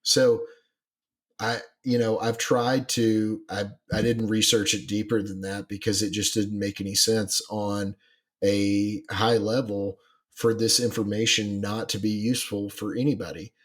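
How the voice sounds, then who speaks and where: A man's voice: lowish voice, flat delivery, a little slow. A man co-hosting a podcast in casual chat, rambling with many fillers and restarts. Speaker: podcast co-host.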